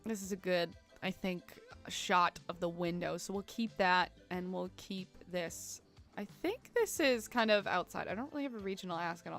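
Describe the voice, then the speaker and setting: A woman's voice: fairly low pitch, moderate pace, a bit bright, soft background music. Chatty woman streamer. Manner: rambling and chatty, many fillers, laughs often. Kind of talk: casual live-stream chat while editing photos.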